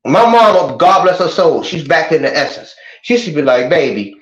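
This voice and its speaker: Animated streetwise man, high lively voice. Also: normal speed, roomy sound, dull audio. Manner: animated, streetwise, repeats words while searching for them. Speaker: guest. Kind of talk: casual talk show discussion.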